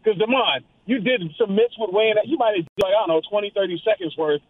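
Rambling caller-in guest, man, high voice, tinny dry phone line. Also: fast, dry recording. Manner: rambling, storytelling. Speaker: guest amateur boxer. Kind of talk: casual chat.

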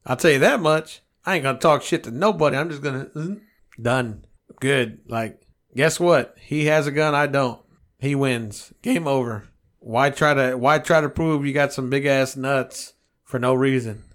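A man's voice: mid-range voice, moderate pace, fairly bright tone. A man co-hosting a podcast, ranting in a heated, profane, rambling way. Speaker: podcast co-host. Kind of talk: casual podcast rant.

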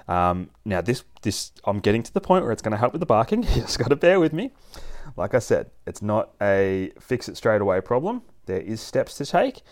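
A man's voice: on the low side, a little mellow. A man hosting a casual advice podcast on dog training, talking things through step by step with a few restarts. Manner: chatty, explains step by step with restarts.

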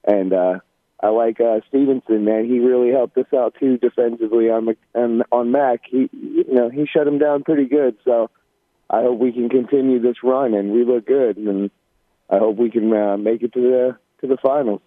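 A man's voice: mid-range voice, fairly even intonation, moderate pace, dry recording. A male caller to a sports radio show, talking casually and eagerly like a fan. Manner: casual, enthusiastic fan talk. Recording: phone line.

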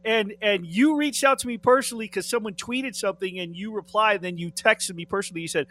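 A male sports radio co-host with a slightly higher voice. He chats in a friendly, agreeable way and trips over repeated words as he builds his point. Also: fast, a bit bright. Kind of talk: casual sports talk.

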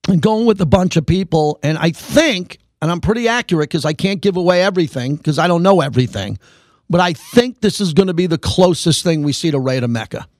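A man hosting a sports radio talk show, speaking emphatically and building excitement. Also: fairly high pitch, no room sound, clean studio sound. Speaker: radio host.

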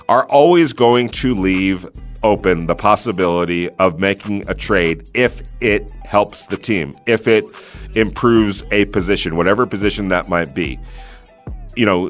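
A man's voice: sits low, a bit bright. A man analyzing football on sports radio, rambling with many fillers and restarts.

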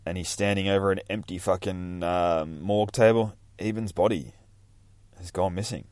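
Deep-voiced, profane comic reader. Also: male voice, fairly even intonation, normal speed, a little mellow, dry recording. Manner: profane, rambling, bursts of hype. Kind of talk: casual comic book read-through.

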